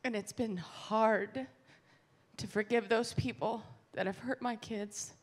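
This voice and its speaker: Woman, slightly high voice, candid church testimony, plainspoken. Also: slow pace. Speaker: pastor's wife. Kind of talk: sermon.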